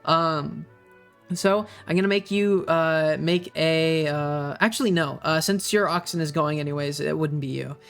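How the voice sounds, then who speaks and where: Young male game master, high-ish voice, hesitant narration, faint music under. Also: gravelly, fairly bright tone, clear, resonant tone. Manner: halting, many ums and uhs.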